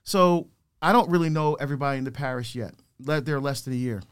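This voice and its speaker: A middle-aged deacon, appearing as a guest speaker, tells his life story with lively energy and imitates the voices of the people he quotes. His voice is medium in pitch and clean, and he talks fast.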